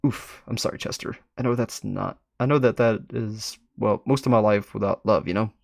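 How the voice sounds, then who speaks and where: A man's voice: fairly low pitch, fairly even intonation, moderate pace, vocal fry, no echo, studio quality. A man hosting a live read-through, commenting in an amused, chatty way. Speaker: web series explorer and host.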